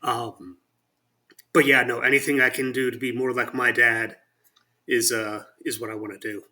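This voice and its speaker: Bright-voiced male podcast co-host. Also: mid-range voice, flat delivery, moderate pace. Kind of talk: casual conversational chat.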